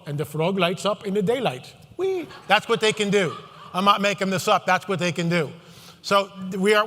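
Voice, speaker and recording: A man giving a live Christian prophecy talk to an audience, sarcastic and animated, full of rhetorical questions. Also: high-pitched. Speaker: conference speaker. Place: large hall. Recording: long hall reverb.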